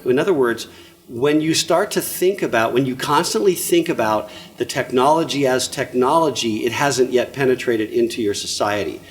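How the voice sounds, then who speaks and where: Older man giving an animated talk. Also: medium pitch, normal speed. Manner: animated, jokey, checks in with audience. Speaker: presenter. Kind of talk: lively conference talk.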